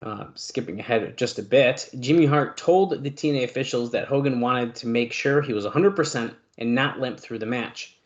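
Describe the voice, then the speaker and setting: A man's voice: medium pitch, moderate pace, hardly any pauses, highs cut off. A man co-hosting a podcast, reading news aloud with fillers and side comments. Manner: reads long news passages with filler and asides. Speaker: podcast co-host.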